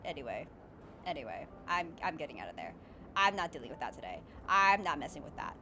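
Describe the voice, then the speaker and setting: A young woman streamer chatting casually, with animated, dramatic, playful complaining and lots of laughter. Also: mid-range voice, a little fast, a little hiss or hum.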